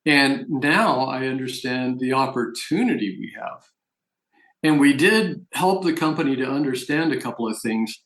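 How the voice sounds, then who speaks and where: A man gives a persuasive business opportunity presentation and leans hard on the numbers he wants his listeners to remember. His voice sits at an ordinary middle pitch. The recording carries a noticeable room echo. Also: expressive, moderate pace, a bit bright. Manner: persuasive, emphatic sales talk. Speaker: network marketing presenter.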